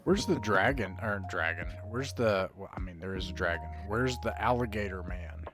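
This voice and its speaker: A man playing a tabletop game, describing his character's actions in a halting way. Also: low voice. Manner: halting, full of restarts. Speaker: player. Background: soft background music.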